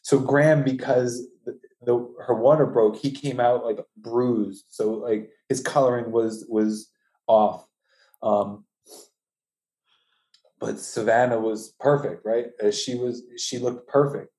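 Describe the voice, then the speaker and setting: A man telling the story of losing his newborn twins, speaking haltingly with many restarts, his voice climbing high and strained with grief. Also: fairly even intonation, mellow, roomy sound. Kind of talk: emotional personal testimony.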